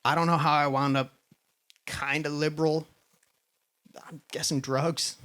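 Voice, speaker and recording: A man's voice: fairly high pitch, flat delivery, a little slow, a bit bright. A man performing a stand-up set in a live venue, talking casually and profanely, slipping into mock voices. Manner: profane, conversational, does mock voices of others. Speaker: stand-up comedian.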